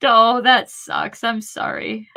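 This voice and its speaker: A woman's voice: a little high, flat delivery, takes it slowly, bright, forceful tone. A woman co-hosting a podcast in casual chat, wry and chatty. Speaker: podcast co-host.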